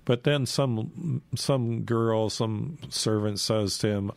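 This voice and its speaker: A man telling a Bible story in a loose, chatty way, acting out the quoted lines with fillers and soft chuckles. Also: medium pitch, moderate pace, gravelly, no echo. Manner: retells scenes with lively quoted voices, chuckling, many fillers.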